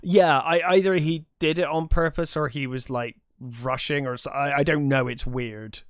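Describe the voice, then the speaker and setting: A man on a film podcast recaps scenes in a relaxed, rambling way, full of fillers and restarts. His voice sits a little high for a man. It comes through dry, with no room sound. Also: normal speed, no room sound. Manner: relaxed, lots of ums and restarts while retelling scenes. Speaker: podcast co-host. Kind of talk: casual film chat.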